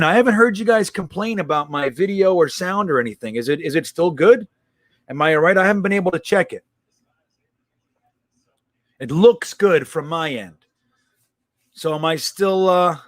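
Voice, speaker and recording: High-voiced man chatting on a live stream. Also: no echo. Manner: blunt, profane, reacts to chat. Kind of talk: casual live stream chat reading comments.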